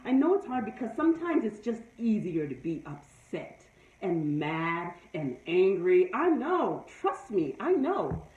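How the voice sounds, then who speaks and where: A woman's voice: medium pitch, big pitch swings, measured pace, darkish tone. A woman giving a motivational talk to her live viewers, preachy and emphatic, repeating her points. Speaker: live-stream host. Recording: echoey room, far from mic, dull sound.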